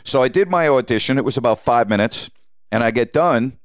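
A sportscaster in his sixties from Long Island, hosting his podcast and telling a lively story about his early career, acting out the people in it. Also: mid-range voice, brisk, dry recording, clean studio sound. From Long Island, New York. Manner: animated storyteller who acts out quoted dialogue.

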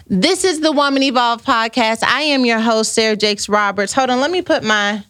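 A woman's voice: a little high, moderate pace, a bit bright. Playful woman hosting a podcast. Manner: playful, chatty, reads out comments. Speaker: podcast host. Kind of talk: casual livestream chat with viewers.

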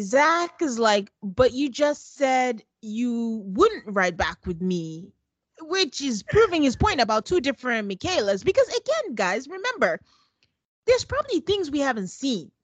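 A woman's voice: high voice, no room sound. A woman co-hosting a podcast, recapping a reality show in casual chat, laughing often and acting out what people said. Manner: animated, laughing often, acts out quotes. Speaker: podcast co-host.

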